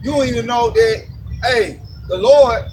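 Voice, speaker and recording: A man with a very high voice preaches on the street in a blunt, emphatic way. He is picked up from a distance, with clear traffic noise behind him. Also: unhurried. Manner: forceful, blunt, cussing, emphatic.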